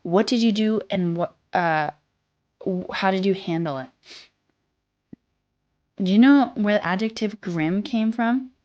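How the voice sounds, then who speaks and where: A young woman with a soft, childlike voice, a little sick, chatting casually on a stream, reading chat and swearing offhandedly. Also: fairly low pitch. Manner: reads chat aloud, swears casually, sings snatches.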